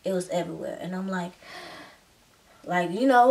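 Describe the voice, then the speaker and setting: A young woman vlogger with a mid-range voice and vocal fry tells a personal story at normal speed, chatty and casual with many filler words. The mic sounds slightly distant.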